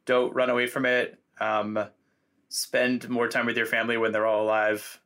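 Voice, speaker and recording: A man's voice: mid-range voice, completely flat delivery, moderate pace, fairly bright tone. A man being interviewed as a guest writer, talking in a loose, reflective way with many fillers. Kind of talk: casual conversational interview.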